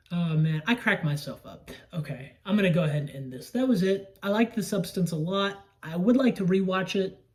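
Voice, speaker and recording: This horror movie recap comes from a young adult reviewer with an expressive, mid-range voice, a moderate pace, and a somewhat dark tone. It's casual and rambling, full of swearing and moments of disgust.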